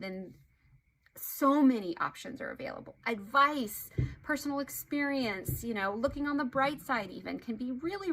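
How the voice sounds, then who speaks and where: A woman relationship therapist speaks to camera in an earnest, explanatory way. Her pitch sits in the middle range. She stresses key points with animated emphasis. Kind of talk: educational talk to camera.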